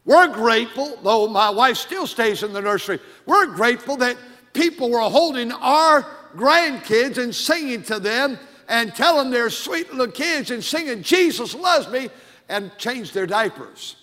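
An older man preaching a fervent sermon, his high, bright voice pressing hard on each point. The words hang in the long reverb of a big church sanctuary. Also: lively intonation, measured pace. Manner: fervent preaching, rising to shouted emphasis. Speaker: pastor.

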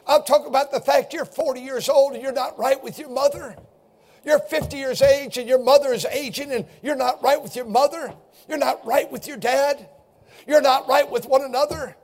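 An older man, a pastor, preaching an impassioned sermon that rises at times into shouting. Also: very high-pitched. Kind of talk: fiery sermon.

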